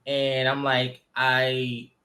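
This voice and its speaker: A man hosting a podcast, telling stories in an animated, casual way with plenty of fillers. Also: medium pitch, drawn-out words. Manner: animated storyteller, lots of fillers. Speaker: podcast host, jiu-jitsu instructor. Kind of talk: casual conversation.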